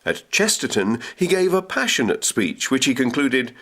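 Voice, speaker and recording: A man's voice: medium pitch, very animated, normal speed, hardly any pauses, fairly bright tone. A man narrating a local history documentary, reading quotations with dramatic emphasis.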